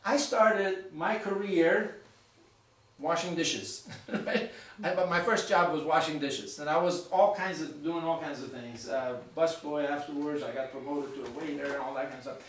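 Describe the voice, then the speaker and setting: High-voiced man telling a story in an echoey room. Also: a little fast. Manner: animated, chatty, with audience asides and restarts. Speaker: author giving a book talk. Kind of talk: lively storytelling talk to an audience. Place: bookshop event room. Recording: very echoey room, mic far off.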